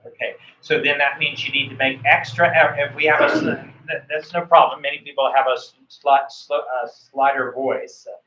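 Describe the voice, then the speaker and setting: Bright-voiced man coaching, echoey and muffled. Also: mid-range voice, steady tone, moderate pace, few pauses, a little hiss or hum. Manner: rambling, many fillers and restarts. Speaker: visa interview coach. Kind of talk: coaching on a call. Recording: echoey, muffled room sound.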